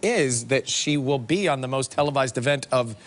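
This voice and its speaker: A man co-hosting a morning talk show, telling stories in quick, animated casual chat. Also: mid-range voice.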